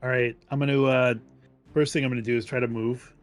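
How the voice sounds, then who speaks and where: A man's voice: medium pitch, flat delivery, fast, soft background music. A man playing in a tabletop game, counting his moves and reading rule text aloud. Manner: counts aloud, reads out rules. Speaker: player.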